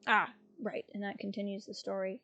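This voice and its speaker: A woman's voice: medium pitch, level tone, a little fast, bright, forceful tone, no echo, lo-fi sound. A young woman streamer, chatty and playful, commenting on a video game live.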